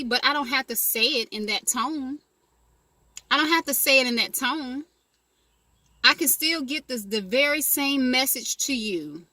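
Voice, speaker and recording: A woman with a high, bright voice gives a casual motivational talk, recorded dry and close. She speaks conversationally and keeps asking if you're following. She repeats her key phrases for emphasis. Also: no echo. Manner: conversational, asks "you know what I mean?" often.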